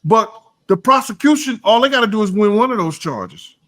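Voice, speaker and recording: Man, podcast co-host, casual reaction talk, emphatic, repetitive, slightly high voice. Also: expressive, fairly quick, a bit bright. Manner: emphatic, repeats points, trails into low mumbling.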